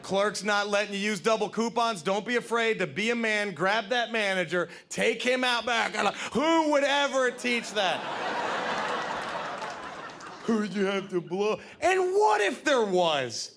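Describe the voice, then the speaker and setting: A man performing a stand-up comedy set on a club stage, animated, shouting his punchlines and acting out characters. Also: high-pitched, measured pace. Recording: noisy live club recording.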